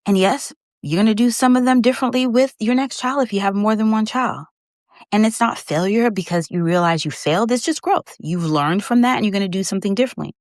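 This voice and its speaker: A woman's voice: medium pitch, brisk, no echo, clean studio sound. A middle-aged woman hosting a faith-based podcast, talking heartfelt and conversational to her listener, holding back tears. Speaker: podcast host.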